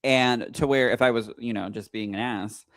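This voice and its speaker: Man, casual podcast talk, lively storytelling, acts out quotes, dry recording. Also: medium pitch, normal speed, dry recording. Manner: animated storyteller, acting out quoted lines. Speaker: psychic medium and podcast co-host. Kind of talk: casual chat.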